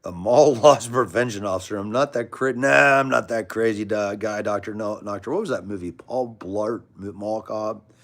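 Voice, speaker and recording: A man's voice: lowish voice, normal speed, fairly bright tone. An American man hosting a casual livestream, chatting with viewers in a chummy, rambling way and calling them brother and man. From United States. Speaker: livestream host. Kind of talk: casual live chat reading comments.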